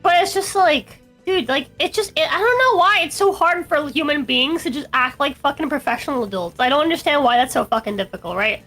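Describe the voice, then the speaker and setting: A woman's voice: high-pitched, lively intonation, a little fast, hardly any pauses, a bit bright, soft background music. A woman co-hosting a podcast, ranting bluntly in casual chat and swearing heavily. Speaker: podcast co-host.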